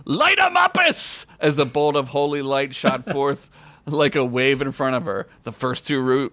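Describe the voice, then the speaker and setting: A man's voice: mid-range voice, a bit bright, no echo. A man reading his own comedic story aloud on a podcast, with crude, self-mocking asides and frequent laughter. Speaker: podcast co-host telling a story. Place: podcast recording.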